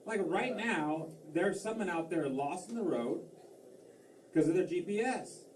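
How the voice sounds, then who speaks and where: A man's voice: sits high, animated, unhurried, a little hiss or hum. A man doing a stand-up comedy set, rambling and self-deprecating, with lots of fillers and restarts. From Massachusetts. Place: comedy club stage. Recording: roomy club sound from a distance, faint crowd ambience.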